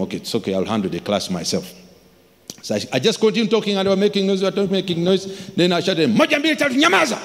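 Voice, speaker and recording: A man preaching a sermon as a pastor, telling stories with acted-out voices and sudden shouts. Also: medium pitch. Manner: animated storytelling, acts out voices, shouts for emphasis. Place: large church hall. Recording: long hall reverb.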